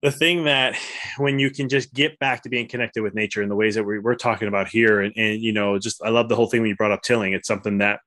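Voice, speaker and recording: A man's voice: lowish voice, flat delivery, fast, sharp tone. A man hosting a podcast interview, talking enthusiastically and rambling with restarts. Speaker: podcast host.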